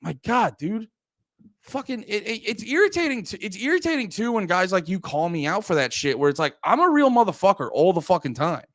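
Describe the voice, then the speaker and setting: Sing-song and sitting high, a man's voice runs a little fast. He's a comedian from Pennsylvania hosting a livestream, ranting to his chat with heated, rambling profanity.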